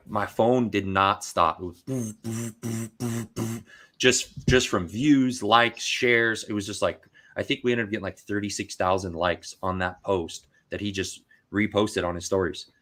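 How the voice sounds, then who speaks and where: A man on a podcast telling casual, animated stories about card breaking, full of "dude" and "like.". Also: fairly low pitch, a little slow. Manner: animated, acts out quoted voices, says dude and like a lot. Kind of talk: casual storytelling chat.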